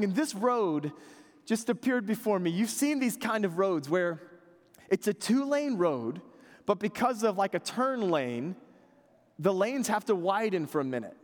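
A man in his thirties preaching a sermon, conversational and animated, dropping to quiet earnest asides. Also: sits high, long reverb tail. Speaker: pastor.

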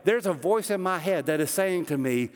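A man's voice: sits high, animated, normal speed. A middle-aged man, a pastor, preaching a sermon in a church sanctuary with earnest emphasis and rhetorical questions. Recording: long hall reverb.

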